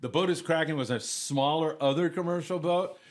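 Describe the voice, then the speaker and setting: A middle-aged man casually telling lively anecdotes, often acting out other people's voices. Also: fairly high pitch, fairly quick, a little hiss or hum. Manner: animated anecdotes, acts out voices. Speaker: guest. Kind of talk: casual storytelling.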